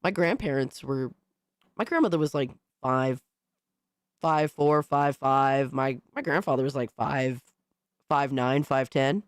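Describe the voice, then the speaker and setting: A woman hosting a casual livestream, reacting to things in an excitable, slangy, profane way. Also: very deep voice, unhurried, clear, resonant tone, dry recording, clean studio sound. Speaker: livestream host.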